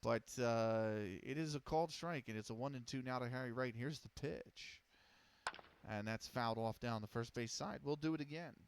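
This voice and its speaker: A man streaming casual play-by-play of a simulated baseball game, measured and steady, often pausing on fillers and correcting himself. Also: medium pitch, vocal fry, a little hiss or hum.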